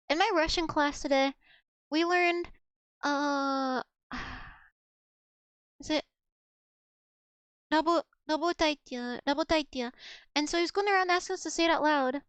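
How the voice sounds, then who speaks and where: A woman's voice: high voice, a bit bright, no room sound. A young woman streaming casually, chatty and giggly, rambling through stories as she talks to her chat. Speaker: streamer learning Russian.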